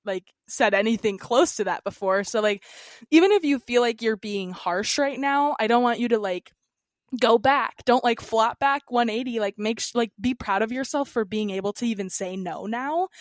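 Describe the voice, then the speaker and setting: A woman's voice: a little high, normal speed, no echo, studio quality. A young adult woman, a podcast guest, talking casually in a rambling way full of "like" fillers. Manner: rambling, heavy use of "like" fillers. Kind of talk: casual interview chat.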